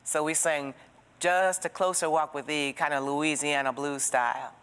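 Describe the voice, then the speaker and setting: A woman's voice: deep voice, normal speed, clear, resonant tone. Preacherly woman teaching in a reverberant hall. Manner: expressive, preacherly, asks the listener direct questions. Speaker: Bible teacher. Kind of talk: Bible study teaching with storytelling.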